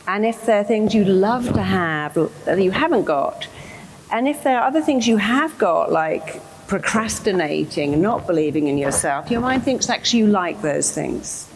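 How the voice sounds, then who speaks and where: A woman's voice: mid-range voice, lively intonation, normal speed, slight background noise, low-quality recording. A woman therapist giving a motivational talk to an audience, speaking emphatically and acting out the inner voices of her listeners.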